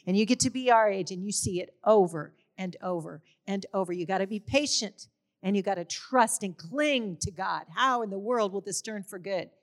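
A woman's voice: mid-range voice, moderate pace. Declaring middle-aged woman in church. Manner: declaring, emphatic on repeated words. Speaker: pastor's wife. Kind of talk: sermon.

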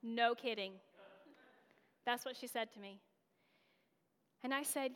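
A woman's voice: on the high side, expressive, slow, pauses often, a bit bright. Candid woman preaching in a reverberant hall. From North Carolina, USA. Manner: conversational and candid, with self-deprecating laughs and frequent fillers. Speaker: guest preacher. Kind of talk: storytelling sermon.

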